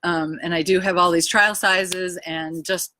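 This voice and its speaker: A woman's voice: on the low side, level tone, unhurried, bright, forceful tone, no room sound. A woman speaking casually into her phone in her backyard, telling a personal story, emotional and rambling, with many "ums" and "anyways.". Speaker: vlogger sharing a personal health story. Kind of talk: casual live video chat. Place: backyard outdoors.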